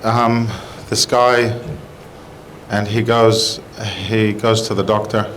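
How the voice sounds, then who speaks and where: A man telling jokes on a comedy show in a halting, rambling way, full of fillers. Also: fairly low pitch, little pitch movement, a bit bright, a little hiss or hum, rough recording. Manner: halting, rambling, with bursts of exaggerated crying in his jokes. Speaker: comedy show joke teller. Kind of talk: casual joke telling.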